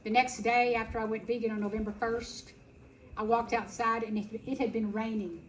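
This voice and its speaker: A middle-aged woman telling a personal story at a festival, dramatic, acting out quotes and swinging between loud and soft. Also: on the high side, little pitch movement, moderate pace, slight background noise, low-quality recording. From Texas. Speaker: speaker at a festival. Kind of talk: storytelling talk.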